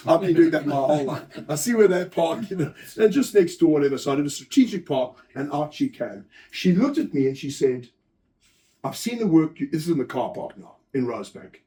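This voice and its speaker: A man giving a lively conference talk, telling anecdotes, acting out quoted lines and chatting with the audience. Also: fairly high pitch, brisk. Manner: animated storyteller, acts out quotes, chats with audience. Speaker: host and speaker.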